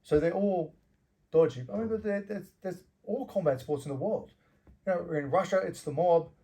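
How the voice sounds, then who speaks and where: A man's voice: high voice, normal speed, dark tone. A middle-aged man from Australia, a former fighter, telling loose anecdotes as an interview guest, laughing often and swearing freely.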